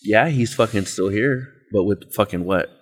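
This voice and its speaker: Laid-back low-voiced man, casual chat. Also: normal speed, slightly rough. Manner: laid-back and profane, tells anecdotes with quoted dialogue. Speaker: guest.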